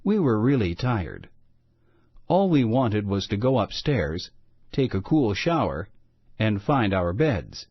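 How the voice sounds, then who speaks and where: A man reading a children's storybook aloud in a slow, expressive storytelling manner. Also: on the low side, slightly rough, no echo. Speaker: storybook reader. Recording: muffled lo-fi recording.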